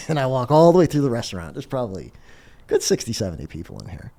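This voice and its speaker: A man's voice: mid-range voice, quick pace, vocal fry. A middle-aged man, a podcast guest, telling a story in casual conversation and often laughing as he talks. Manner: animated, laughs through his story.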